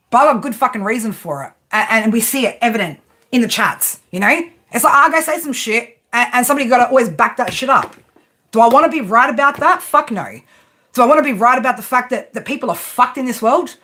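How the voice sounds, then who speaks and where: Speaking a bit fast with lively intonation, a woman with a fairly high, sharp voice rants on her tarot livestream without a script. She curses, argues, and fires rhetorical questions, repeatedly adding "right?".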